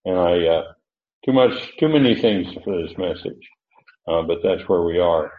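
A man teaching through a Bible passage verse by verse, thinking aloud with many pauses and restarts. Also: sits low, lively intonation. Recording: echoey room on a tinny, phone-like line.

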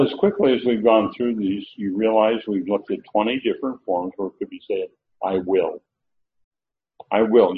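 Male Bible teacher, sermon delivery, deliberate and emphatic; lo-fi tinny audio with faint hiss. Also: medium pitch. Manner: slow, emphatic, repeats key phrases. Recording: tinny phone-like lo-fi recording.

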